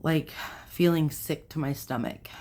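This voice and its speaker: A woman's voice: low voice, unhurried, dark tone. A young adult woman hosting a self-help video, talking casually to camera in a rambling way, with fillers and self-corrections.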